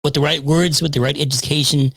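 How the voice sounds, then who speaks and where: A man's voice: a little high, fairly even intonation, fast talker, vocal fry, fairly bright tone, breathy edge, no echo, low-quality recording. A man hosting a faith podcast, speaking in a reassuring way with many "you know" fillers. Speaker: podcast host.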